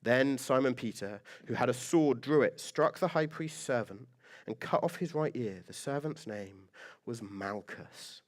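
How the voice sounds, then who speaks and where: A man's voice: mid-range voice, unhurried. A man preaching a sermon as pastor, conversational and joking, with lots of rhetorical questions.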